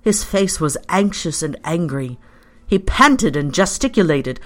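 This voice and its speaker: A storyteller reading a story aloud in the first person, in a measured and expressive way. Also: medium pitch. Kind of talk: scripted narration of a story.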